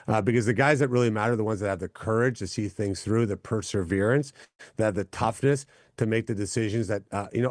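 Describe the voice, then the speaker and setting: A man answering as a senator in a political interview, confident and forceful, repeating points for emphasis. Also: lowish voice, dry recording, studio quality.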